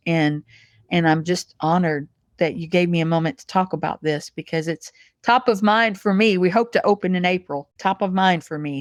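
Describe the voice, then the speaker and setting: Middle-aged female guest, heartfelt and halting, lower register, dry close recording. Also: no echo. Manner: heartfelt, halting with repeated restarts. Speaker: guest, massage supplies executive. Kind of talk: emotional interview conversation.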